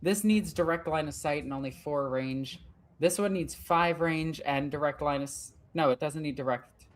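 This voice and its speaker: A woman's voice: sits low, normal speed. Frustrated woman thinking aloud over a game. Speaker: gaming channel host. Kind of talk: let's play commentary.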